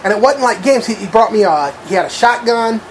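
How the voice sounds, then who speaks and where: A man's voice: sits high, lively intonation, a little fast, a little hiss or hum. A man telling a long story in casual chat, rambling with lots of fillers and swearing. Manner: rambling, profane, full of fillers.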